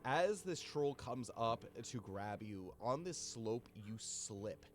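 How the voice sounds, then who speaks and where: A man's voice: mid-range voice, lively intonation, slow, faint music behind. A young man narrating as game master in a tabletop game, rambling and filling his talk with "like". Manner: rambling, full of "like".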